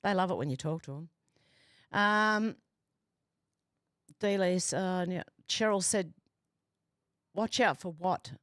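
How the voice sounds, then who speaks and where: A woman's voice: on the low side, slow pace, pauses often, fairly bright tone, dry recording. Woman, livestream host, reading chat comments aloud, amused chatty delivery, dry close sound. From Australia. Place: home, doors and windows open.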